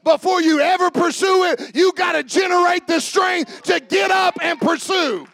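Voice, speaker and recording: High-pitched, gravelly preacher man. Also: normal speed. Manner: preaching with rising shouted cadence. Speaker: pastor. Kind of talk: Father's Day sermon.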